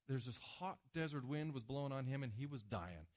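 A man preaching a sermon to a congregation, with emphatic swings between loud passages and hushed ones. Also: mid-range voice, expressive, a little fast. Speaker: pastor. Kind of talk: sermon with slides.

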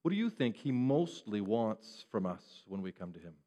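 A man preaching a sermon who keeps asking the listeners questions and moves between hushed and raised delivery. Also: lowish voice, big pitch swings, normal speed, dull audio. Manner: asks the listeners rhetorical questions.

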